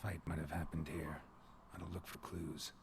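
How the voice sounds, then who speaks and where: An actor playing a gruff, terse male monster hunter in a video game, muttering clipped observations to himself in a deep gravelly murmur. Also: little pitch movement, moderate pace. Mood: musing. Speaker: game character. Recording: game audio with background noise.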